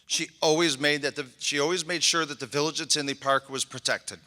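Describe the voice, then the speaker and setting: A man's voice: on the high side, fairly even intonation, a little fast, pushed and bright. A middle-aged man, a mayor, giving a heartfelt and emotional inauguration speech, thanking people one by one. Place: large convention hall. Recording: echoey convention hall.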